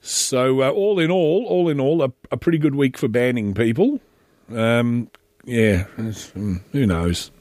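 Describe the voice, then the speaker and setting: A man's voice: mid-range voice, a little slow, a little mellow, dry recording, clean studio sound. An Australian man hosting a casual solo monologue, chatty and rambling, often breaking off to restart his sentences. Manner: rambling and chatty, with many self-interruptions and restarts.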